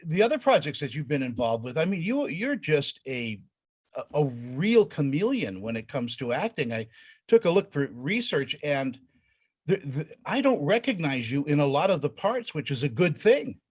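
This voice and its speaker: An eager man interviewing a guest, his voice a little high and swinging widely in pitch. He often stammers and repeats words while he finds his questions. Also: big pitch swings, moderate pace, breathy edge. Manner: enthusiastic, repeats words while searching for them. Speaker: interview host. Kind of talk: casual interview chat.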